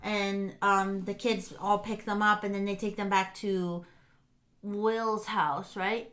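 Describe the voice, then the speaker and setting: A woman co-hosting a podcast, excitedly retelling a show's plot in casual chat with lots of fillers. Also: mid-range voice, takes it slowly. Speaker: podcast co-host. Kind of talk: casual chat recapping a show.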